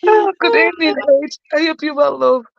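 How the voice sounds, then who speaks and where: A woman's voice: sits high, lively intonation, a little fast, vocal fry, dry recording. A woman co-hosting a livestream, greeting viewers and swapping swear-laden gossip. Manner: chatty, greets viewers, curses. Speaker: livestream co-host. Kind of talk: casual gossip chat. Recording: dull dry lo-fi stream audio.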